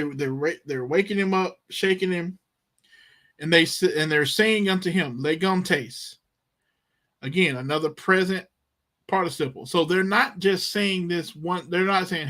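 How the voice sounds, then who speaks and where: A man's voice: a little high, fairly bright tone. A man teaching Bible Greek, reading verses and explaining the verb tenses with emphatic, dramatic delivery. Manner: slow, emphatic, acts out the disciples' panic.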